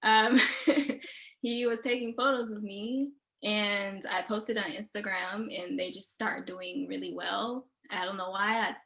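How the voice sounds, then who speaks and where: A woman's voice: medium pitch, slow, gravelly, low-quality recording. Easygoing young woman from Houston. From Houston, Texas. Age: young adult. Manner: laughs easily, relaxed. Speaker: guest. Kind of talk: casual interview answers.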